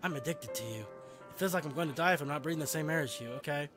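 A man reading a video game's lines as an obsessive, lovestruck teenage girl, in a soft, intense voice. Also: fairly high pitch, very fast, soft background music, pitched below the performer's own voice, natural voice. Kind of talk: voicing game dialogue.

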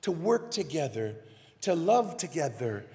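A man's voice: a little high, sing-song, measured pace, darkish tone. A man preaching a sermon as minister, speaking earnestly and addressing the congregation directly, recorded in a church sanctuary. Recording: reverberant church live stream.

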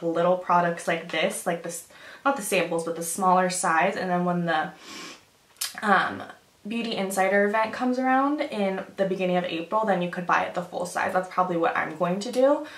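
A woman's voice: medium pitch, fairly bright tone. Chatty young woman in a roomy echo. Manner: chatty, filler-heavy, says "like" often. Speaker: beauty vlogger. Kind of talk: casual try-on haul chat.

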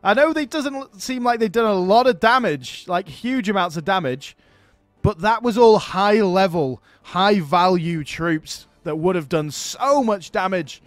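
A man hosting a strategy game let's play, chatting casually and thinking aloud, getting excited over his battles. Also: high-pitched, measured pace, dry recording. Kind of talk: casual gameplay commentary.

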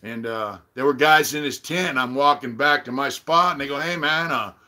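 A middle-aged man hosting a casual live-stream chat, telling a profane story and loudly acting out what others said. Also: mid-range voice, normal speed. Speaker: channel host.

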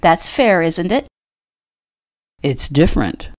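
A woman voicing a protective rich rancher in an audiobook, speaking low and firm with a commanding manner. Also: very animated, slow pace, darkish tone. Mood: insistent.

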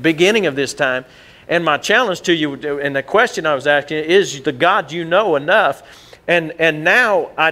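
A middle-aged man preaching a sermon as pastor, folksy and conversational, rising in pitch for emphasis. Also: sharp tone.

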